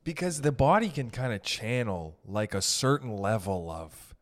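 A man's voice: mid-range voice, very animated, normal speed. A man hosting a podcast in casual chat, jokey and rambling as he thinks aloud. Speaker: podcast host.

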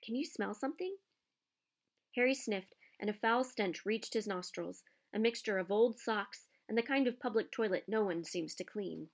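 A woman reading a children's novel aloud with expressive storytelling. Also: medium pitch, normal speed, hardly any pauses. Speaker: narrator. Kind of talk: audiobook narration.

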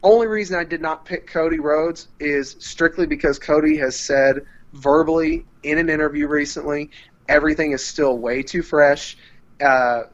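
A man co-hosting a casual chat podcast, animated and playfully exasperated, swearing in fun while he weighs his picks. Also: medium pitch, highs cut off. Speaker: podcast co-host.

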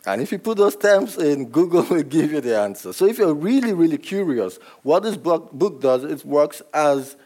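A man's voice: a little high, expressive, normal speed, few pauses, mellow. A man from Nigeria, a novelist, answering audience questions at a book event and often laughing as he explains. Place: event room with a live audience.

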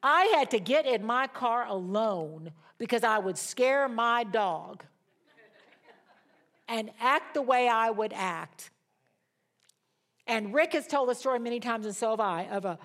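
An older woman with a slightly high voice teaches a Bible study like a sermon. She tells her stories with animation, laughs along, and acts out the voices of the people she quotes. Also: expressive, unhurried, fairly bright tone. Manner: laughs while telling stories. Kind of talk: sermon-style teaching with storytelling.

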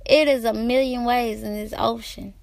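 A woman's voice: fairly high pitch, steady tone, moderate pace, creaky, darkish tone, no room sound. A middle-aged woman vlogging outdoors by the ocean, giving herself an emphatic, repetitive, preachy pep talk. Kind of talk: motivational self-talk.

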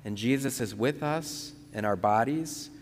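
Male priest leading guided prayer, slow and calm, long reverb on the recording. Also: medium pitch, slight background noise. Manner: slow, calm, repeats phrases with pauses for breathing. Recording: long reverberant room sound.

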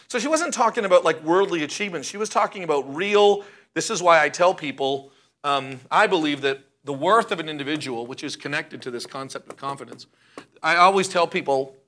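A male pastor preaching a sermon, emphatic and slowing down to stress key words. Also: a little high, expressive, sharp tone.

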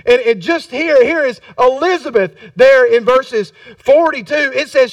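High-voiced, fervent Baptist preacher. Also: male voice, measured pace, few pauses, no echo, distant mic. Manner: repetitive, building to fervent shouts. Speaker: Baptist pastor. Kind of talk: sermon.

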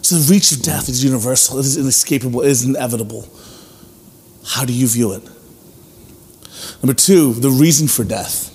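A man's voice: mid-range voice, fairly quick, pauses often, darkish tone. A male pastor preaching a sermon, earnest and emphatic, repeating key phrases and asking rhetorical questions. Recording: long hall reverb with faint music.

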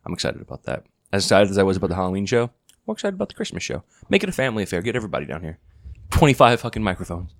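A man hosting a casual podcast chat, loud and argumentative, swearing freely and pushing his points hard. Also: low-pitched, sing-song, rapid-fire, vocal fry. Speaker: podcast host.

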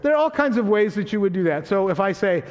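High-voiced pastor in a reverberant hall. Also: male voice, big pitch swings, fast talker. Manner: conversational, teasing, checks in with the congregation. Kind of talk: sermon. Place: church sanctuary.

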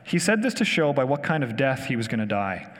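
A man's voice: mid-range voice, very animated, a little fast. A man preaching a conversational sermon, enthusiastic and asking his listeners questions. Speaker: pastor. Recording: long hall reverb.

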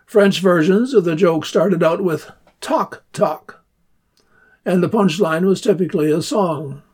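Unhurried high-voiced male radio host. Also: a little mellow, slightly rough. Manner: unhurried storytelling, reading jokes aloud in playful voices. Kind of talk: scripted radio segment narration. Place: community radio studio.

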